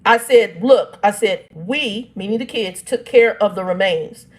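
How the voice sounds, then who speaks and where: Here a woman in her 50s, the host of the channel, talks through a family dispute in a laid-back vlog. Her medium-pitched voice moves a little slowly while she reads texts aloud, breaking off for blunt, annoyed comments.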